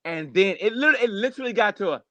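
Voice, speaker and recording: High-energy animated comedian man, dry sound. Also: fast, dry recording. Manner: animated, rambling storyteller, acts out voices. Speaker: stand-up comedian guest. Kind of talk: casual podcast chat.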